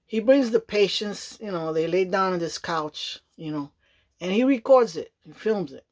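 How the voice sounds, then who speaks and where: A woman's voice: fairly low pitch, animated, moderate pace, a little mellow. Rambling, chatty woman vlogger. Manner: rambling, chatty, repeats "you know what I mean", laughs often. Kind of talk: casual rambling monologue.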